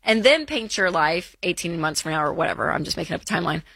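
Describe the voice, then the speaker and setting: A woman's voice: on the low side, expressive, fast talker, vocal fry, fairly bright tone, no echo. A woman co-hosting a call-in advice show, chatty and reassuring, with plenty of fillers. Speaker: radio call-in show co-host. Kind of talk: casual advice chat.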